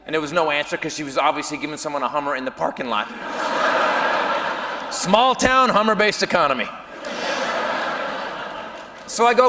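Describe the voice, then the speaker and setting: A middle-aged man doing a stand-up comedy set, telling a story in a loud, animated way with shouted punchlines. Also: high voice, fairly quick, long pauses. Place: comedy stage before a live audience. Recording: live hall recording with audience noise.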